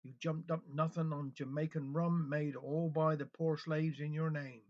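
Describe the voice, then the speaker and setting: A man's voice: a little high, flat delivery, normal speed, darkish tone, natural voice. A man voicing a fierce, defiant old fishwife in a rhymed story, on a dull lo-fi recording. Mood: scornful.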